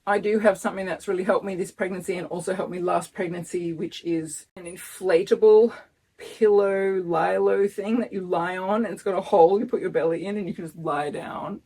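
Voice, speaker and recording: Filmed outdoors in front of her house, a woman in her 50s gives a casual pregnancy update vlog, speaking earnestly and emotionally, close to tears. Her voice is lowish, husky, and darkish, with a steady tone and a slightly fast pace.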